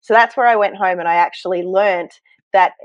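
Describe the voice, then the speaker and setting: A woman's voice: mid-range voice, brisk, no echo. Earnest woman telling her story. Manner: earnest, animated, with self-deprecating asides. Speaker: podcast guest, health coach. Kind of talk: conversational storytelling. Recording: dull, dry sound.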